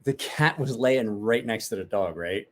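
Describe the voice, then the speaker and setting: A man's voice: lowish voice, expressive, measured pace. A man casually chatting with viewers on a livestream, joking, rambling and swearing freely. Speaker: livestream host.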